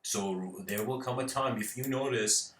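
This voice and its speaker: A man's voice: medium pitch, sharp tone, recorded from a distance. A man giving an informal spiritual lecture, rambling, laughing often and using lots of fillers. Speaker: speaker. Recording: roomy echo.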